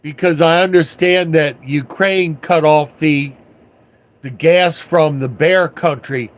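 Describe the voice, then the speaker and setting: An older man spinning slow, meandering stories on a live stream. His voice sits a little high for a man, and he talks in an unhurried, folksy, wry way. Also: steady tone. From Washington area, USA. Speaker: livestream host. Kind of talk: casual storytelling livestream.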